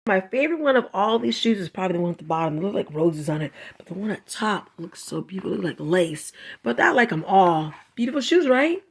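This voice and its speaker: A woman's voice: medium pitch, sing-song, fast talker, gravelly, husky. Chatty sassy woman craft vlogger. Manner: chatty, effusive, sassy, laughs often. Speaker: craft channel host. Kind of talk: casual coloring book review vlog.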